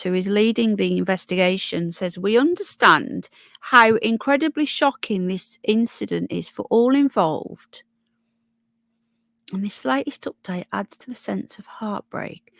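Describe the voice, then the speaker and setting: A fairly high, slightly bright woman's voice, recorded without any room sound. The speaker, a livestream host from Birmingham, England, has a Brummie accent and chats through news and viewer comments, thinking out loud and stumbling on names.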